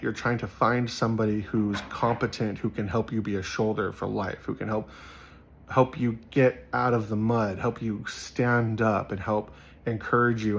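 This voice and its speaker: A man's voice: fairly low pitch, husky. A young man giving casual, earnest commentary on Bible verses, rambling with many fillers. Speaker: Bible study vlogger.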